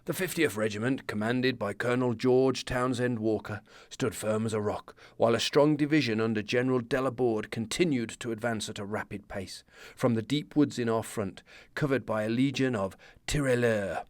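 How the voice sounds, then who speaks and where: A man's voice: medium pitch, moderate pace, few pauses, dry recording, lightly acted. A man reading as a proud male army captain, in a formal period style. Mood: wry.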